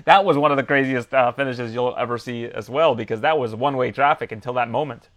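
A man hosting a sports podcast, chatting casually and quickly, laughing often. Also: mid-range voice, a bit bright, dry recording. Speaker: podcast host.

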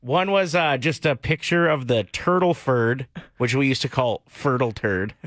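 A man's voice: medium pitch, measured pace, fairly bright tone, no echo, studio quality. A man co-hosting a morning radio show, joking easily and laughing often in casual banter. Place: radio studio. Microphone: studio microphone.

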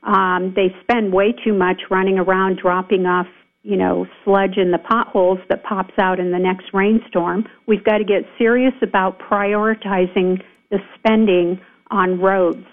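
A woman's voice: medium pitch, steady tone, a little slow. A woman county supervisor calling in to a radio show, speaking emphatically and with indignation, with frequent fillers. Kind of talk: radio call-in interview. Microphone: telephone. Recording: phone line.

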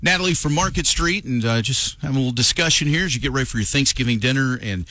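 A man's voice: medium pitch, fast, bright, forceful tone. A male morning radio host, leading a casual, joking chat with his guests.

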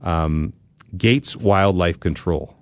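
A man hosting a podcast who tells a story in a casual, animated way and laughs often. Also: low voice, takes it slowly, clean tone, no echo. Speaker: podcast host.

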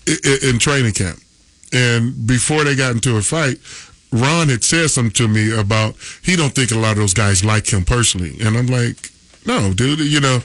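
A man's voice: medium pitch, fairly bright tone, no room sound. A man on sports radio telling a locker-room story, laughing often and acting out his teammates' lines. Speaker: radio guest.

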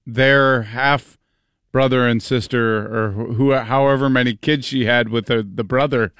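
A man's voice: medium pitch, fairly even intonation, a little slow, fairly bright tone, smooth, dry recording. A man co-hosting a morning radio show, adding wry, joking asides in casual chat.

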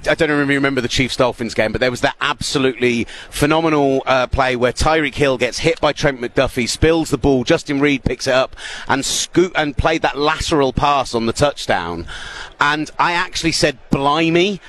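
A British man in a relaxed interview, talking in a medium-pitched voice and breaking into laughs as he spins stories. A faint background hum runs under his voice. He sounds like a broadcaster at ease among colleagues. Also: moderate pace. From United Kingdom. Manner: chatty, laughs often, animated storytelling. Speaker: sports radio presenter. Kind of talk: casual interview chat. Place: busy media hall.

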